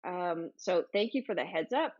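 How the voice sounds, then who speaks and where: A woman's voice: lowish voice, animated, normal speed, darkish tone, highs cut off. A woman hosting a livestream, chatting casually and bubbly as she reads out viewer comments with lots of exclamations. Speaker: livestream host.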